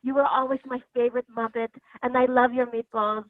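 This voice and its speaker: A woman's voice: on the high side, level tone, brisk, no room sound, lightly acted. A woman calling in as a gushing auntie, speaking broken English. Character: gushing Filipino auntie caller, adoring. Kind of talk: prank call-in bit. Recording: tinny phone line.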